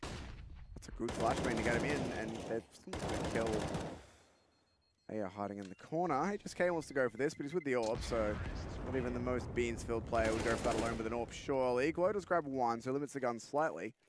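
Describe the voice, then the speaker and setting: Fast-talking esports play-by-play man. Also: medium pitch, very noisy. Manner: brisk, steady play-by-play. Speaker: esports caster. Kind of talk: live play-by-play commentary.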